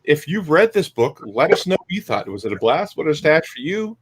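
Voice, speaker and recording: A man's voice: a little high, sing-song, brisk, breathy edge. A man co-hosting a comic book podcast, talking casually and hesitantly with many fillers. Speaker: podcast co-host.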